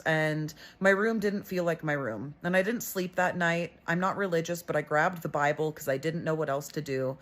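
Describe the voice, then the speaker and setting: A young woman hosting a storytelling video, retelling a scary personal experience in a chatty way with many fillers. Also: on the low side. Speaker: storyteller host. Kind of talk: casual storytelling.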